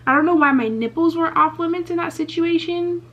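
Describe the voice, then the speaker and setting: High-voiced young woman chatting candidly. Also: fairly quick. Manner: chatty, candid, swears freely, lots of "like" and "um". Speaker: beauty vlogger. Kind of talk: casual get-ready-with-me Q&A chat. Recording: slightly muffled lo-fi recording.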